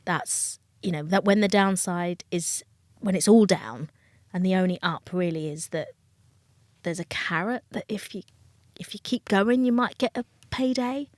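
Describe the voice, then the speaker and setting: A woman's voice: mid-range voice, normal speed, a little mellow, dry recording. British woman, middle-aged, frank and emotional, dry sound. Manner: frank, emotional, acts out quoted voices. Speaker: dating coach and TV guest. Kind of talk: candid interview talk.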